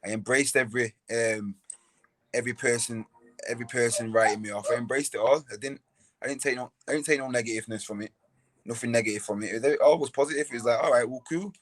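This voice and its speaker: A man's voice: mid-range voice, fairly even intonation, quick pace. A young man, a boxer, talking casually as a podcast guest, often repeating words and restarting his sentences. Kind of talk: casual interview talk.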